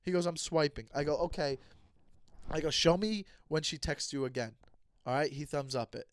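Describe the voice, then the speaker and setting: High-voiced man ranting on a podcast. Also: steady tone, moderate pace. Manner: heated, ranting, profane; acts out both sides of conversations. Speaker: comedian and podcast host. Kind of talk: casual storytelling monologue.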